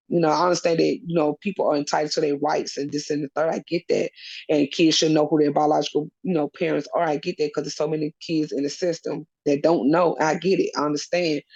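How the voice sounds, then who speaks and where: A woman's voice: deep voice, vocal fry, darkish tone, breathy edge. A woman being interviewed as a custodial parent, speaking earnestly in a rambling way with many fillers. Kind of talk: personal interview. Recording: dull lo-fi recording.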